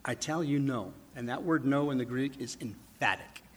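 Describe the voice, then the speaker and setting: A man delivers a sermon in an easy, talkative manner, with a husky edge to his voice. He keeps asking the congregation rhetorical questions. At key points he drops to a near whisper for emphasis. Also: mid-range voice, moderate pace. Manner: conversational preaching, rhetorical questions, dramatic drops to a hush. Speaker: pastor.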